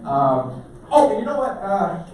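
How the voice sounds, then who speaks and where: Guy doing a jokey motivational talk to students, kinda high voice, lots of echo, sounds far from the mic. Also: sing-song, unhurried. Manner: playful, jokey, asks the crowd. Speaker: motivational speaker. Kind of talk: live speech to students. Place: school auditorium. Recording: echoey hall, mic from far off, faint hiss.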